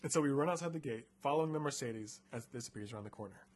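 A man's voice: medium pitch, racing. A young man casually retelling a story on a comedy podcast, chatty and playful, with lots of filler words. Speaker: podcast host reading a choose-your-path book aloud.

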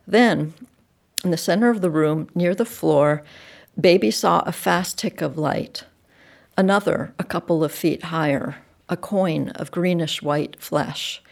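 A woman reading a dark literary story aloud, measured and dropping soft at sentence ends. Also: fairly low pitch, creaky. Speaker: narrator. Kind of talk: audiobook reading.

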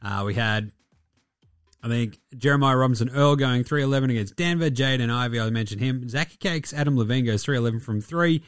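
A man's voice: medium pitch, a little fast, clear, resonant tone, no room sound, faint music behind. An Australian man hosting a basketball podcast, chatting casually in a jokey, rambling way with plenty of swearing. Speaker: podcast host.

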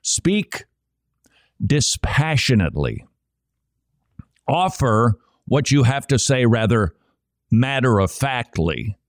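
A man's voice: medium pitch, big pitch swings, slow pace, long pauses, dry recording, studio quality. A man co-hosting a conversational religious commentary show, speaking in an emphatic, rhetorical, preacherly way. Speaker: co-host.

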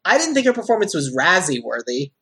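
A woman with a fairly low, husky voice talks briskly in a sing-song way with a fairly bright tone. She's a podcast co-host chatting loosely about a movie, full of "like" and restarts.

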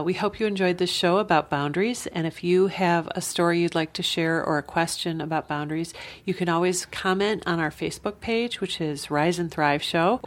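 A woman podcast host wrapping up the show with a friendly sign-off and thanks. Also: fairly low pitch. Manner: friendly, brisk sign-off with listener calls to action. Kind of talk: show outro.

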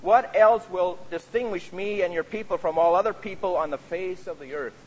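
In the echoing space of a church sanctuary, a man preaches with a voice that sits high and carries a darkish tone. His pace is moderate, and as a pastor he presses his points earnestly, often adding "you see."

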